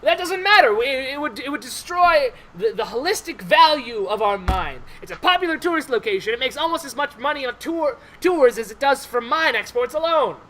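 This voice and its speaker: A stubborn, bigoted dwarf mine boss blusters and bristles, as a man plays him in a tabletop game. The voice sits high and bright, with a faint hiss of background noise. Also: animated, fairly quick, few pauses, heavily acted. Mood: indignant. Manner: indignant, blustering.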